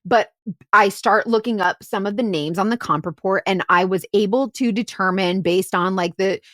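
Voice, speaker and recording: A woman's voice: mid-range voice, normal speed, fairly bright tone, dry recording, clean studio sound. A woman podcast host and private investigator telling a case story in a chatty way, full of "like" and "right?". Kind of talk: casual storytelling chat.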